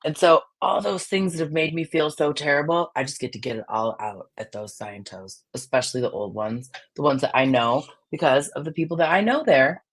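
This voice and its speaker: A podcaster with a raspy voice, chatting casually in a blunt, heated way that swings from loud outbursts to low mutters. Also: brisk, few pauses. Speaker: podcast co-host.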